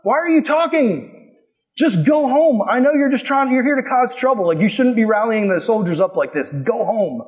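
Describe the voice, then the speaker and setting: A man's voice: extremely high pitch, animated, normal speed, dull audio. A man doing a bossy scolding older brother. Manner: dismissive and bossy.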